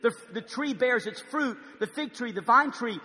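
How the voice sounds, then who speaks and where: A male preacher with a very high, bright, ringing voice delivers a sermon. He moves from hushed, pleading moments to loud, forceful proclamation. His voice carries with the long reverb of a large church hall. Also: animated, normal speed.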